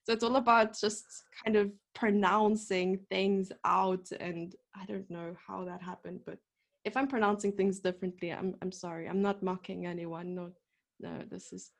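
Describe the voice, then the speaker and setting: A woman's voice: medium pitch, fairly even intonation, moderate pace, creaky. A young woman with a South African accent, a chess coach chatting casually as a podcast guest, rambling and laughing often. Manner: giggly, rambling, self-deprecating.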